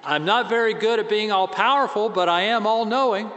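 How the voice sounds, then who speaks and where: A man priest giving a conversational, self-deprecating sermon with animated swings in pitch and volume. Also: brisk, big-room sound, lo-fi sound.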